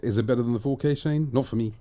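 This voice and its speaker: A man's voice: mid-range voice, very fast, warm tone. A man hosting a casual podcast, giving chatty opinions and repeating phrases for emphasis. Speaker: podcast host and disc reviewer. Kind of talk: casual chat.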